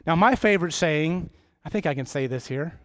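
A man's voice: fairly high pitch, lively intonation, a little fast, a bit bright. A middle-aged man preaching a sermon in church, rambling with jokey, self-deprecating asides.

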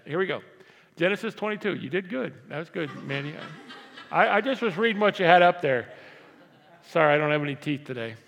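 A man preaching a conversational sermon as pastor, moving from quiet asides to loud, emphatic repeated lines. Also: fairly high pitch, gravelly. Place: large church hall. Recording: long reverb of a church hall.

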